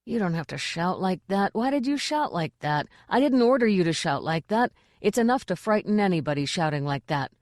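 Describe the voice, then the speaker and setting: A woman voicing a gentle, polite male king who was once a jester. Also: low-pitched, moderate pace, dry recording, studio quality, lightly acted. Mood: fretful. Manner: soft, polite, fretful.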